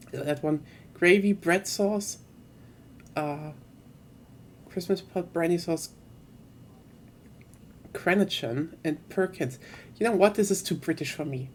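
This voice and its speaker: German woman streamer, lowish slow voice, amused chat; faint noise. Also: darkish tone. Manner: chatty, amused, bewildered. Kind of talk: casual gameplay commentary.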